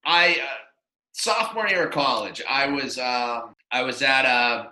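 A man's voice: mid-range voice, unhurried, bright, forceful tone, roomy sound, poor audio. A young man co-hosting a podcast, telling a story in a rambling, self-deprecating way with many fillers. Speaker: podcast co-host. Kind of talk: casual storytelling chat.

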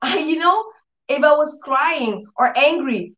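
A woman teaching her church audience about healing, giving an earnest, repetitive testimony with soft laughs. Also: sits high, animated, unhurried. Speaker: Bible teacher and church leader. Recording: distant, dull-sounding mic.

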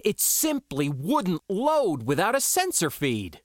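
A male author narrates his own science fiction tale in the first person. His delivery is unhurried and dramatic, with a lively, swinging pitch. The sound is close and dead dry, like a home booth. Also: no echo.

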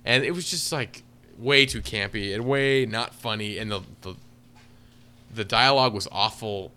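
A man's voice: lowish voice, normal speed, pushed and bright, clean tone. A man co-hosting a podcast, giving a sarcastic, exaggerated movie review in casual chat. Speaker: podcast co-host.

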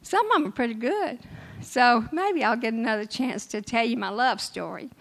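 Older woman, church testimony, emotional storyteller, slightly high voice. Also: animated, normal speed, vocal fry, a bit bright, low-quality recording. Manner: emotional, storytelling with laughs and quoted dialogue. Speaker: church member giving testimony.

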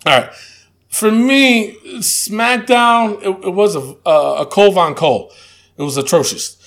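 A man co-hosting a loose chat show, with a voice that sits high and has a gravelly edge. He stumbles through fillers and restarts, then delivers blunt, dry verdicts. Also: a little slow, fairly bright tone. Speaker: podcast co-host. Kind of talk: casual chat.

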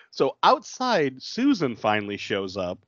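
A podcast co-host retelling a movie plot in a casual, animated way, often acting out the characters' lines. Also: medium pitch, dry recording, highs cut off.

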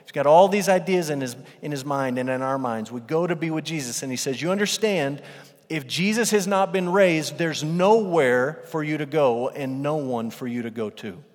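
A man's voice: on the high side, moderate pace. A man preaching a sermon as pastor, emphatic, repeating phrases for weight. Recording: long reverb of a large hall.

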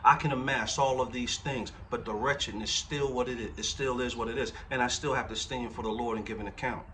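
A man's voice: medium pitch, steady tone, fairly quick, fairly bright tone, recorded from a distance, a little hiss or hum. A man in his forties preaching a conversational sermon as pastor, often checking in with the congregation through rhetorical questions. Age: 40s.

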